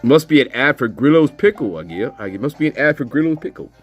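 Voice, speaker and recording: A man's voice: medium pitch, lively intonation, fast talker, breathy edge, soft background music. A man commentating on a live stream in casual chat, laughing often and swearing as he reacts to video clips.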